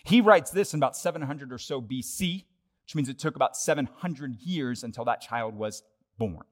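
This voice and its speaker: A young adult man preaches to his congregation in a relaxed, conversational voice of middle pitch. He moves between quick, lively asides and quieter, earnest stretches. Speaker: pastor. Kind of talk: sermon.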